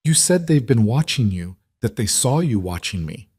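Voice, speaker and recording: A man's voice: medium pitch, very animated, moderate pace, darkish tone, slightly rough, dry recording, studio quality. A man voicing a trapped young woman who answers in cutting, bitter retorts. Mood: defiant.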